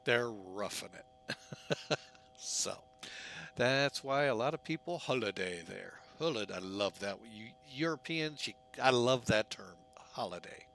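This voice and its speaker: A man's voice: medium pitch, expressive, slow, fairly bright tone, slight background noise. A man giving casual, jokey commentary while setting up a flight simulator, often poking fun at himself. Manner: chatty, jokey, self-mocking.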